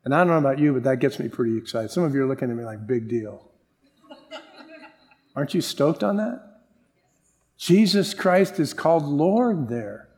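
A middle-aged man preaching a sermon as pastor, animated, acting out the people he quotes. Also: fairly high pitch, fairly quick.

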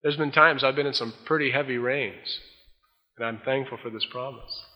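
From a dull old tape made in a large hall comes a folksy sermon by a male pastor. He speaks at a moderate pace in a mid-range voice, performing the voices of those he quotes.

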